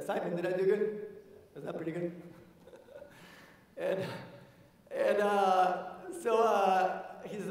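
A man giving an energetic motivational conference talk, speaking straight to the audience as he tells a story. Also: high voice, slow pace, vocal fry, pauses often, recorded from a distance. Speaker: keynote speaker. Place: large conference hall. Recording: echoey hall, voice from afar.

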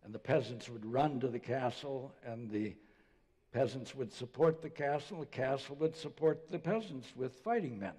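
Older pastor preaching in reverberant church. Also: male voice, medium pitch, normal speed, slightly rough. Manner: conversational storytelling preacher, drops to soft voice for quotes. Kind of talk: sermon. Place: church sanctuary.

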